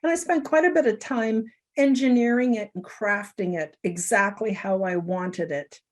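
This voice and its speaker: A woman's voice: mid-range voice, normal speed. A middle-aged woman hosting a talk show, telling a personal story in an earnest, emotional way. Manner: earnest, emotional, tearful at times. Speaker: show host.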